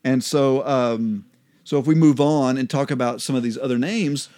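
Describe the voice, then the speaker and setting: A man co-hosting a casual Bible study chat, relaxed and laughing often as he explains. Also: mid-range voice, moderate pace. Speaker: co-host.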